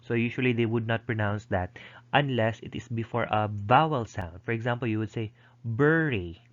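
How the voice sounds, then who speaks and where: A male lecturer explaining pronunciation slowly, with frequent fillers and restarts, modeling sounds aloud. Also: medium pitch, steady tone, lo-fi sound. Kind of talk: recorded online lecture.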